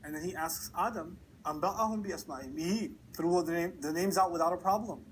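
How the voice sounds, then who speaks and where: A man giving a lecture on scripture, telling a story with lively rhetorical questions and acted-out quotes. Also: sits high, fairly quick, a little hiss or hum, low-quality recording. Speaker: preacher. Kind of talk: Quran commentary lecture. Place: lecture hall.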